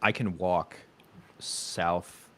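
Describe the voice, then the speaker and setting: A man in his thirties talks casually into a home mic on a video call. His voice is very low. He rambles in a hesitant way, often stopping to correct himself. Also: steady tone, extremely slow, sharp tone, a little hiss or hum. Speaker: stream host. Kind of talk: casual chat.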